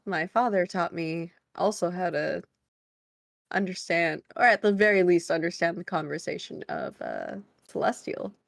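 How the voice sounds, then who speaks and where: A woman's voice: lowish voice, creaky, no room sound, clean studio sound. A woman playing her character in a tabletop role-play game, chatty and giggly, often trailing off mid-thought.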